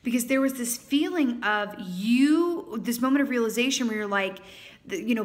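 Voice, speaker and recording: A woman giving a casual tarot reading to camera, animated and quick to exclaim, acting out quoted lines. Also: fairly high pitch. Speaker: tarot reader.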